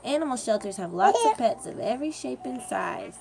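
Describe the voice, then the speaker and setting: A young woman at home, reading a picture book aloud to a baby in a slow, playful, sing-song way. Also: fairly high pitch, lively intonation, vocal fry, over loud music.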